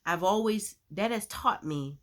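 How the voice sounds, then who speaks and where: Speaking a little slowly at a medium pitch, a woman who vlogs about her Christian faith tells her testimony. She's animated and chatty, sprinkling in plenty of "you know."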